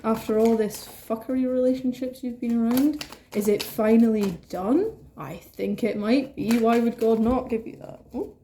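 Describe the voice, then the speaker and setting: A woman giving an excitable, rambling tarot reading, swearing freely and breaking into asides. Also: on the high side, normal speed, a little hiss or hum. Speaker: tarot reader. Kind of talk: casual tarot reading to camera.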